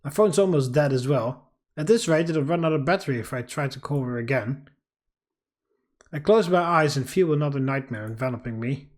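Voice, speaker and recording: Man narrating a game playthrough. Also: fairly high pitch. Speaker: let's play host. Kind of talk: reading a visual novel aloud.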